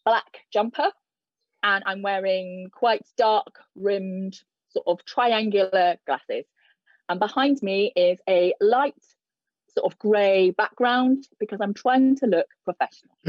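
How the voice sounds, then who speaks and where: A woman working as a sign language interpreter, speaking live for a deaf host over a video call with many pauses and fillers. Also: medium pitch, no room sound, highs cut off. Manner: hesitant, many fillers and restarts. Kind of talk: live spoken interpretation of signed talk. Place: indoors in front of a plain grey backdrop.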